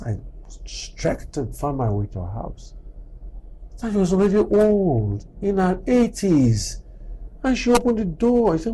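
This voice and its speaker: A man's voice: a little high, husky, rough recording. A middle-aged man giving a motivational talk as a doctor. He tells stories, acts out the exchanges he quotes and fires off rhetorical questions. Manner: animated storyteller, acting out quoted exchanges and firing rhetorical questions.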